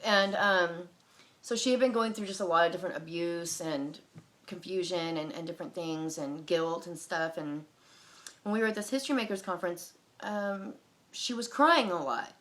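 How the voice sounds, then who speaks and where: A woman's voice: on the low side, moderate pace, fairly bright tone. A woman in her thirties telling a personal story in a casual, rambling way, full of fillers and restarts. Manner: rambling, filler-heavy, many restarts and likes. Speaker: personal testimony vlogger.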